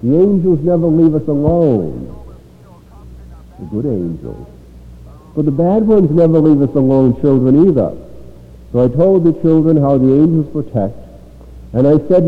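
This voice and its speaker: A man preaching a sermon to children, telling a story slowly with dramatic pauses. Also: fairly high pitch, animated. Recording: tinny phone-like sound in a long-reverb hall.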